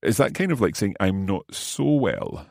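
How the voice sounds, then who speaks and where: A man with a very low voice hosts a language lesson podcast, playing the learner. He asks curious questions, repeats new words slowly and laughs easily. The sound is dry and close, with no room echo. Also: sing-song, gravelly, a little mellow. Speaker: host and learner.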